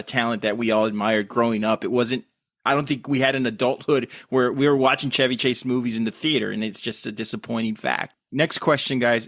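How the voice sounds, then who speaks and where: A man hosting a casual podcast chat, steering the talk with questions and measured commentary. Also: medium pitch, fairly bright tone, dry recording, clean studio sound. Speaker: podcast host leading the questions.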